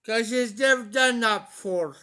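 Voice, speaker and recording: A man's voice: extremely high pitch, normal speed, pushed and bright, clean tone. A man hosting a casual livestream, talking anxiously to viewers, pleading for help and repeating himself. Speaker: livestream host.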